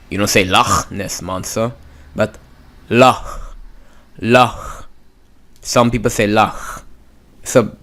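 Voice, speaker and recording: In a slow spoken lesson for language beginners, a man with a medium-pitched, slightly bright voice patiently sounds out words. He draws out his pronunciation demos and repeats each word.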